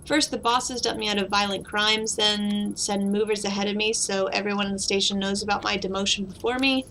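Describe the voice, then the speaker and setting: A woman's voice: mid-range voice, fairly even intonation, a little fast, a bit bright, a little hiss or hum, natural voice, poor audio. A woman reading the lines of a weary, bitter woman detective in a game, in a sardonic tone over background music.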